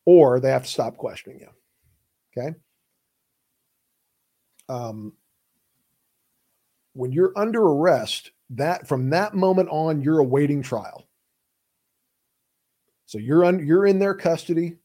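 A man's voice: fairly high pitch, lively intonation, slow pace, pauses often, mellow. A man who hosts the show and works as a criminal defense lawyer, explaining legal rights in an emphatic, plain-spoken, urgent way. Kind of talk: casual explainer talk.

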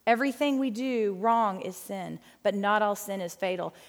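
A middle-aged woman teaching a Bible study in a chatty, folksy, animated way. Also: medium pitch, moderate pace, big-room sound.

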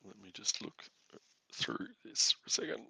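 A man narrating as game master in a tabletop game, in halting speech with many restarts. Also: pushed and bright.

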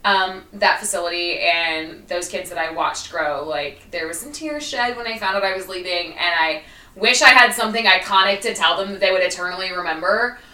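Woman, podcast co-host, former teacher, chatty, bright voice, roomy echo. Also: fairly low pitch, normal speed, far from the mic. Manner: chatty, many fillers and laughs. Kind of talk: casual podcast chat.

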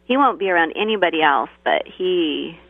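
A woman calling into a radio show, soft and agreeable, murmuring assent often, heard over a phone line. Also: on the low side, animated, moderate pace, vocal fry, no echo. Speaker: caller. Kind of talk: phone-in conversation.

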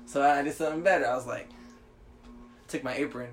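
A man's voice: mid-range voice, fairly even intonation, a little fast. A young man telling a story in casual chat, swearing freely and acting out his own reactions.

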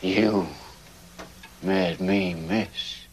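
A gruff Yorkshire villager in a film, who warns strangers off in a very deep voice. He speaks slowly, with almost no rise or fall. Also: a little hiss or hum. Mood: grim. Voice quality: slow, low and flat. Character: gruff male villager dart player, grim warner. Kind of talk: film dialogue.

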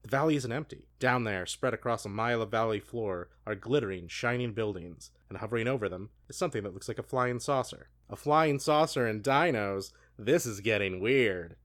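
A man co-hosting a show, reading a gamebook aloud with hushed dramatic delivery and laughing asides. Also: on the low side. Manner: hushed and slow when reading, then swearing and laughing in asides. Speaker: podcast co-host reading a book aloud. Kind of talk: dramatic read-aloud with banter.

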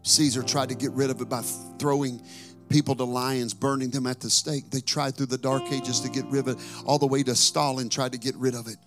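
A male pastor preaching a sermon, chanting scripture in a sing-song rhythm that rises to shouting. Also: medium pitch, steady tone, fairly quick, music in the background.

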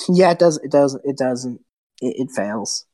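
Low-voiced woman game master. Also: lively intonation, unhurried, warm tone, low-quality recording. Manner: hesitant, friendly, many fillers. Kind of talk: narrating a tabletop game.

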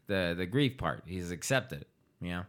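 A man's voice: sits low, expressive, unhurried. A man talking casually and profanely, acting out quotes as he tells a story. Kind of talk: casual podcast chat.

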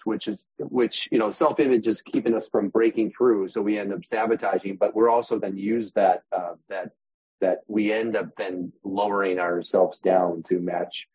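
A man's voice: on the low side, darkish tone, husky, dry recording. A man as a guest on a real estate podcast, talking animatedly and acting out voices and examples. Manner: demonstrative, acts out inner voices, uses props as metaphors. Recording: dull muffled podcast audio.

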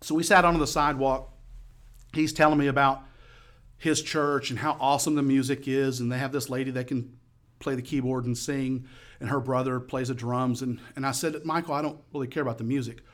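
A man giving his testimony as a sermon, telling a story and acting out the voices he quotes by raising and yelling them. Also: mid-range voice, little pitch movement, moderate pace. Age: adult, past high school.

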